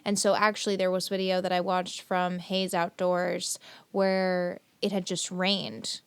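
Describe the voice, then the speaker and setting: Gravelly, smooth-voiced woman podcaster. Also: lowish voice, flat delivery, a little slow, dry recording. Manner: casual, lots of filler and swearing. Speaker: podcast co-host. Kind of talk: casual chat, retelling a story.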